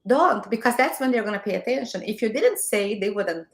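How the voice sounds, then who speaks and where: A woman's voice: fairly high pitch, lively intonation, brisk, roomy sound, slight background noise. A woman from Brazil with a Brazilian Portuguese accent, whose first language is Portuguese, giving direct, encouraging advice as an interview guest on a video call. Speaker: guest, marketing mentor. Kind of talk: motivational interview talk. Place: home, morning video call.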